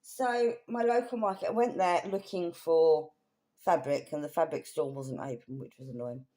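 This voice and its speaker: A woman's voice: low-pitched, normal speed, dark tone. A woman chatting casually through a thrift haul in a rambling, self-correcting way. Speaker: craft vlogger.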